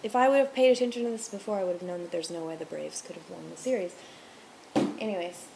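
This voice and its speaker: A young restaurant server, in her twenties, rants heatedly and swears freely as she rambles to camera at home with the TV on. Her voice is on the low side, fast and gravelly with a darkish tone, and a little hiss or hum comes through.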